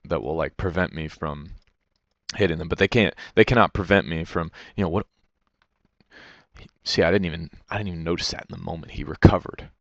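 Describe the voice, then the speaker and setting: Speaking into a headset, a man with a deep, slightly bright voice rambles through a replay of his own match, criticizing himself, swearing often and leaning on "you know." The recording is dry and dull.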